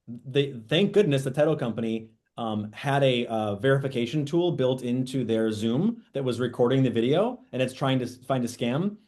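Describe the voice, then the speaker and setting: A man teaching real estate agents in an animated training talk, often acting out quoted dialogue. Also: medium pitch.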